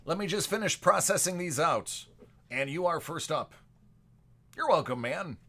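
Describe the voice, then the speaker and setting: A man with a gravelly, somewhat raised voice and a bright, forceful edge hosts a card break livestream. He keeps up loose, joking banter with the people watching. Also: fairly high pitch, animated, a little slow. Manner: chatty, joking banter with viewers. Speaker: sports card break host. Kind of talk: casual livestream chat.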